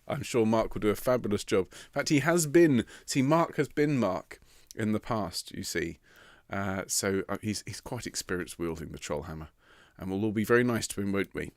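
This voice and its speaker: A lower-voiced man runs a home online choir rehearsal, greeting each singer with light teasing. His voice sounds a touch rough and sandpapery. The sound is dry and close, from a computer mic with no room echo. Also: animated, moderate pace, hardly any pauses. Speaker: choir director. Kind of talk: live online rehearsal chat. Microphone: computer mic on a video stream.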